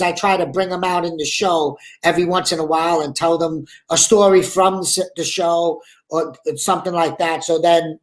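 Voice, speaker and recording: A man with a Brooklyn accent, a guest actor and comedian, chatting casually in a live interview over a video call, rambling with lots of "you know" and "like". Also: a little high. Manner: rambling and talkative, full of 'you know' and 'like'.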